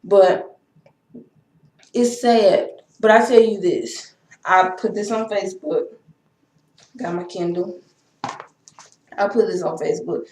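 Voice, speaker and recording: A woman's voice: medium pitch, slow, long pauses, a little mellow. A young woman, talking in an impassioned, repetitive way in a personal vlog. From Texas. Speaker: vlogger. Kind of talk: emotional personal vlog rant. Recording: echoey room.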